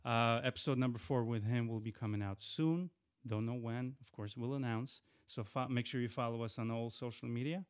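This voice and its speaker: A man hosting his podcast alone, chatting loosely about the show and giving shout-outs, often restarting his sentences. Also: mid-range voice, steady tone, brisk, hardly any pauses, clean tone. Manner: chatty, rambling with frequent restarts. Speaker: podcast host. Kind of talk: casual solo podcast intro.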